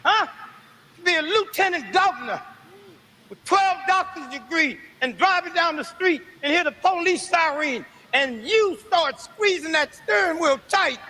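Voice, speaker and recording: A man's voice: extremely high pitch, animated, unhurried, pushed and bright, slight background noise, rough recording. A man giving an impassioned, preaching-style speech to an audience that calls back to him, repeating his lines for effect. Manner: fervent, rhetorical, repeats lines with call-and-response. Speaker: speaker addressing a responsive audience.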